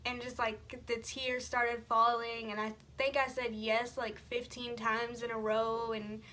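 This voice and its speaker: A young woman with a high voice talks straight to her viewers, chatty and a little tearful as she tells a personal story. She speaks casually and breaks off now and then, putting on her makeup as she goes. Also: level tone, unhurried, sharp tone. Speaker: beauty vlogger.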